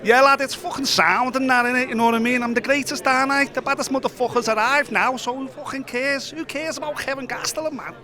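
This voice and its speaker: A man's voice: extremely high pitch, steady tone, fast talker, few pauses, crowd noise, voice pushed up. A man putting on a to impersonate a cocky, brash young male fighter who swaggers and swears.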